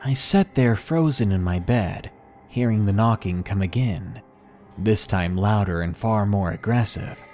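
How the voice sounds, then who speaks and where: A man reading submitted horror stories aloud in a measured, somber first-person narration. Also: fairly low pitch, darkish tone, faint music behind.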